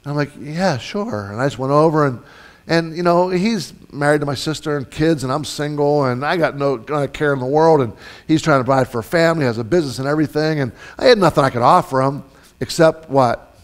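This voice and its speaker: This pastor preaches in church with a fairly high voice and talks fast. His storytelling is loose and chatty, full of fillers, and he keeps restarting his sentences.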